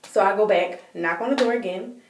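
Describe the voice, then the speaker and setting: Woman vlogger, casual storytelling, animated with lots of filler words, mid-pitched voice, set back from the mic in a roomy space. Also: fairly quick, distant mic, a little hiss or hum. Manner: animated, acts out quoted dialogue, many "like" fillers.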